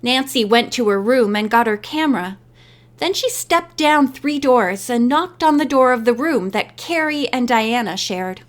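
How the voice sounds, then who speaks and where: A woman narrating a teen mystery audiobook in a measured reading. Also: on the high side. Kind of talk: scripted narration.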